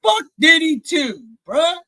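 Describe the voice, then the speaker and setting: A man hosting a live stream, ranting in a heated, profane way and often shouting. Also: extremely high pitch, very animated, takes it slowly, no echo. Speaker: livestream host. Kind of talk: profane live reaction rant.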